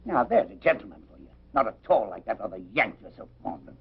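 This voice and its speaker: An actor playing a quarrelsome older male pub owner with a raspy, gravelly voice. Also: mid-range voice, sing-song, fast talker, heavily acted. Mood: grumbling. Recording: dull old film soundtrack.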